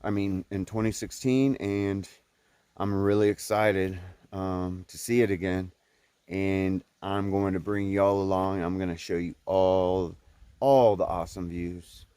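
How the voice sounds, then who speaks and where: A young man vlogging outdoors on a mountain trail, talking haltingly with many fillers and restarts and getting emotional. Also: sits low, level tone, mellow, clear, resonant tone, dry recording. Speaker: thru-hiker vlogger. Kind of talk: casual vlog talk to camera.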